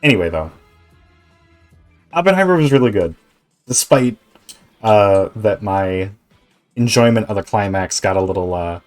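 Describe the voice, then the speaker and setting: A male Twitch streamer chatting casually while gaming, rambling, animated, and swearing freely. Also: fairly low pitch, moderate pace, pauses often, soft background music.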